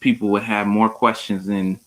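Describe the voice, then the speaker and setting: A man's voice: on the low side, little pitch movement, normal speed. A man on a casual panel, speculating and thinking aloud with fillers.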